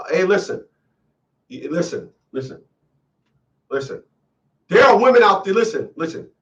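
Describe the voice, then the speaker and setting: A man's voice: on the high side, fairly bright tone, recorded from a distance, highs cut off. A man hosting a call-in show, lecturing emphatically and repeating lines for effect. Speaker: radio call-in host. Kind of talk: preachy call-in commentary.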